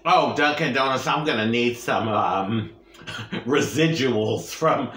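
A woman with a very deep, fairly bright voice speaks very slowly in a sing-song way, pausing often as she eats for her mukbang vlog. She jokes with viewers and hums long over each bite, and the recording has a roomy echo.

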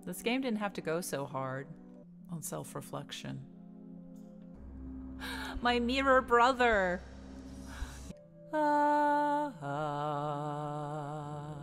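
A woman's voice: mid-range voice, animated, takes it slowly, pauses often, fairly bright tone, soft background music. A woman commenting playfully on a game she plays, singing and humming along and laughing often. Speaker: gamer streamer. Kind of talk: game play-through commentary.

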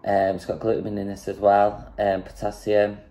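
A woman's voice: extremely low pitch, completely flat delivery, moderate pace, dark tone. A woman casually chatting in a home vlog, breezy and swearing now and then as she shows off products. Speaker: fitness vlogger.

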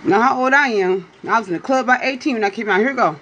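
Brief: high-pitched woman hosting a chatty livestream, playful and teasing, with a faint hum behind her. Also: fast, a bit bright, lo-fi sound. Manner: playful, teasing, keeps asking "you hear me?"; drawling, swoops into high exclamations. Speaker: livestream host reading for viewers. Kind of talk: casual livestream chat with viewers.

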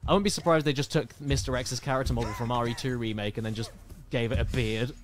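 A young man giving joking, excitable live commentary while playing a video game, swearing often. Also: mid-range voice, fast talker. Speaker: streamer.

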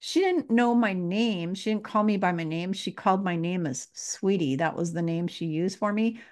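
A woman's voice: on the low side, moderate pace, darkish tone. A woman spiritual teacher talking to her viewers, earnest and repeating her questions. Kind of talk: casual spiritual talk to camera.

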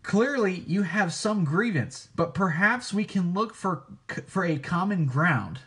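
A man reading out the lines of a calm male politician character trying to make peace. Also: high-pitched, a little slow, husky, full character voice. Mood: conciliatory.

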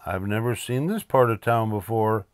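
A man's voice: on the low side, normal speed, no room sound, clean studio sound, close to an everyday voice. An older man voicing an anxious, always-hungry young rabbit boy who talks in a fretful, gloomy way.

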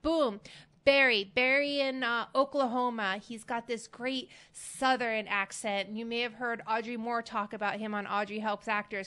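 A woman hosts an advice podcast in a chatty, upbeat manner and pokes fun at herself now and then. Her voice sits a little high and sounds smooth and clear. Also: fairly bright tone. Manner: chatty and upbeat, with self-deprecating asides. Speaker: podcast host.

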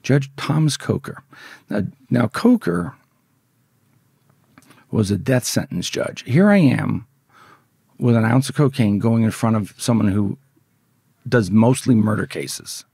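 A man's voice: medium pitch, lively intonation, a little slow, creaky, long pauses, dark tone, slightly rough, no room sound, clean studio sound. A man guest in an interview, telling a story in a rambling, profane, conversational way. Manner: profane, rambling, repeats words as he goes. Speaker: podcast guest.

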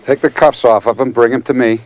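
An actor playing a cold, soft-spoken older lawman villain in a 1990s TV western, who is polite and threatening and speaks in slow, deliberate phrases. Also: fairly even intonation, slight background noise, close to an everyday voice. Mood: cold menace. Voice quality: deep, measured. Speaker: villain, a lawman holding a captive.

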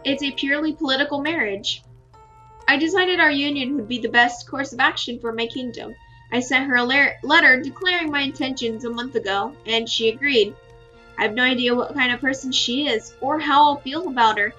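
A woman voicing a gentle Fae nobleman. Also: sits high, brisk, muffled recording, soft background music. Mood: earnest. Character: male Fae noble, calm and courteous. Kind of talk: reading a visual novel aloud.

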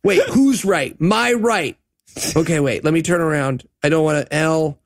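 A man's voice: on the high side, normal speed, dry recording, clean studio sound. A man co-hosting a comedy podcast who throws in joking asides and mock dialogue. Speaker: podcast co-host. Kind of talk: comedic movie recap chat.

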